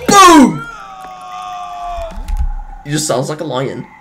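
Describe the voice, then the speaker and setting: A let's-play gamer giving casual gameplay commentary, excitable, often exclaiming and laughing, with rambling jokey asides. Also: mid-range voice, a little slow, music in the background.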